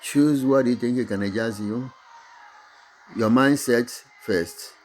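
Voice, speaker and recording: A middle-aged business owner from Togo, whose first language is Mina, gives a halting motivational talk in English about his own company. His Togolese-accented, mid-range voice is full of restarts and fillers, with a little hiss or hum on the recording.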